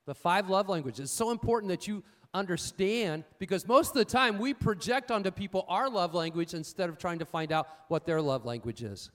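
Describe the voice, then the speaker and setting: A man's voice: sits high, brisk, hardly any pauses, a bit bright. A male pastor preaching a sermon in a folksy, humorous storytelling style, repeating his key points and asking the congregation "amen?".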